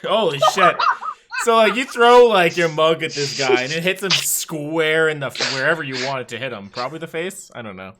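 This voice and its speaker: A man narrating a tabletop game as game master, animated and laughing often, with a rambling, filler-heavy delivery. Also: on the high side, a little fast, heavy background noise.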